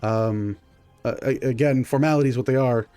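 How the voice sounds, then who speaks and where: A man voicing a grateful, formal male guard captain who speaks haltingly. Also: medium pitch, dark tone, clean tone, dry recording, soft background music, natural voice.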